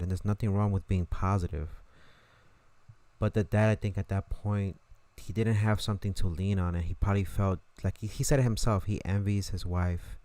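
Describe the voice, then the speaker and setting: A man's voice: low-pitched, mellow, no echo. A man streaming and commenting on a game in a casual, reflective way, often restarting his sentences.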